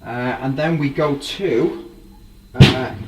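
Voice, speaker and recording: Slow and medium-pitched, a drum collector rambles happily through a casual show-and-tell of his gear while loud music plays behind him. His voice sounds distant, with faint background noise.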